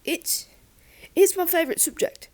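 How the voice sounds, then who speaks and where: A woman's voice: very high-pitched, big pitch swings, fast talker, a little mellow, pitched above the performer's own voice, full character voice. A woman voicing an earnest, shy teenage boy student in an audiobook. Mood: flustered.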